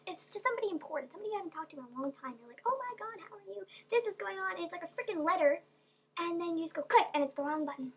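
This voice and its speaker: A woman's voice: high voice, a little hiss or hum. A young woman vlogging to camera in a rambling, chatty way, sometimes dropping to whispered asides. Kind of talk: casual monologue to camera.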